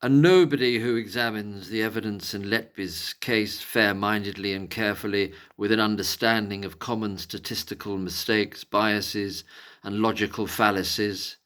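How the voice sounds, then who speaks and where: A prissy upper-crust gent, as a man puts him on, lifted a touch higher and louder than his own talk, every word crisp and measured, sounding pleased with himself. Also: steady tone, natural voice. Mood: prim, superior. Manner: exaggerated posh enunciation. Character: posh, prim male commentator, measured and superior.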